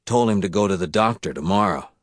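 A blunt, coarse-talking mill worker, as a man reads him, recounts things in folksy slang. The voice is low. The recording is dry and close. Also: expressive, fast talker, no room sound.

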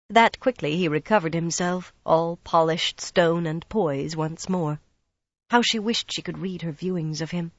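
A narrator reading a fantasy novel aloud in a steady, measured way. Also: medium pitch, no echo, highs cut off. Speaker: audiobook narrator.

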